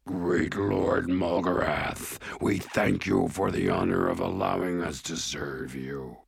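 A nervous, fawning dwarf lord, as a man puts him on for an audiobook, low and very slow. His flattery comes out in a gravelly rumble. The sound is close and dry. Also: dry recording, exaggerated voice. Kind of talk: audiobook character voice.

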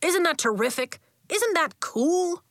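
A woman voicing a booming, enthusiastic male gym coach in a children's audiobook, calling out to a room of kids. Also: lively intonation, normal speed, no echo, clean studio sound, close to an everyday voice. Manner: booming, rallying.

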